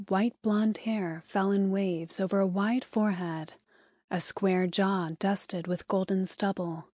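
A woman narrating an audiobook in smooth, even scripted storytelling, recorded close on a studio mic. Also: medium pitch, no echo.

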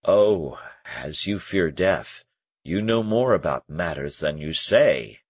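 Insistent male confessor, probing and pressing, read by a man, low husky voice, slow. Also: big pitch swings, no echo, exaggerated voice. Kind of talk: audiobook character reading.

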